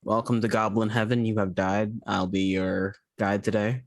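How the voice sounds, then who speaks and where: A man playing a tabletop game with dry, deadpan humor. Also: on the low side, moderate pace, no echo. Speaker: player.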